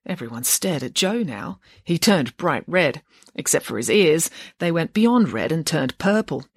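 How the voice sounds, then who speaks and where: Woman reading an audiobook, lowish voice, expressive, dry close sound. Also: a little slow, breathy edge, dry recording. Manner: lively, expressive storytelling. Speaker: audiobook narrator. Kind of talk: audiobook reading of a children's novel.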